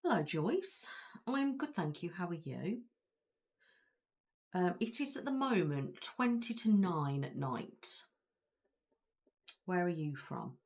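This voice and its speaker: A woman's voice: on the low side, very animated, takes it slowly, long pauses. A woman with a Belfast accent, chatting casually with viewers as the host of a live stream, rambling with frequent fillers. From Belfast, Northern Ireland. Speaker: ASMR creator hosting a live stream.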